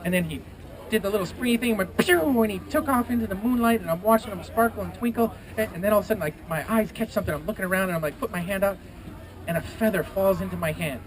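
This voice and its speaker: A high-voiced man spins a playful adventure tale for a festival crowd, gasping and throwing in whooshes and splashes as he goes. The recording is outdoors with plenty of background noise. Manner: lively, gasping, sound effects, quoting voices. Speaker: festival storyteller. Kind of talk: animated storytelling to a live audience. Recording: noisy outdoor live recording.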